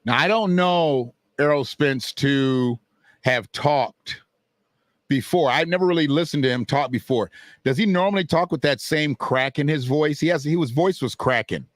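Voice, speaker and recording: A man's voice: on the high side, normal speed, no room sound, studio quality. Blunt, profane man commentating on boxing. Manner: blunt, profane, talks back to chat and clips. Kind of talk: casual video commentary.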